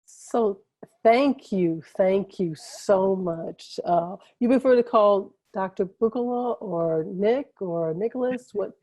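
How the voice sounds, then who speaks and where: A woman's voice: mid-range voice, takes it slowly, dark tone, no echo. A woman hosting a video call conversation, asking long, enthusiastic, rambling questions that she keeps interrupting herself. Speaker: host and moderator.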